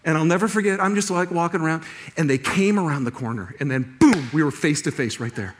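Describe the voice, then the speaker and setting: A middle-aged male pastor giving a sermon, telling a personal story with lively restarts and laughter. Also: a little high, quick pace, faint music behind.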